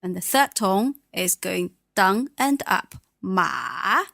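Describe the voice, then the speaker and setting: A woman teaching a beginner language lesson on a podcast, patient and modelling words slowly. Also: mid-range voice, creaky, no room sound, studio quality.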